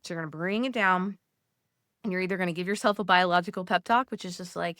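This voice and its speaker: A woman's voice: fairly low pitch, quick pace, dry recording. Chatty woman coaching moms, dry sound. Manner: conversational, frequent "like", gently coaching. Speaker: Catholic motherhood coach. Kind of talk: casual teaching talk.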